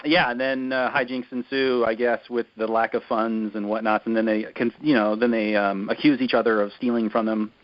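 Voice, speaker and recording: A man's voice: mid-range voice, flat delivery, a little fast, few pauses. A man co-hosting a podcast in casual chat, rambling and critical with lots of fillers. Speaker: podcast co-host. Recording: dull lo-fi podcast audio.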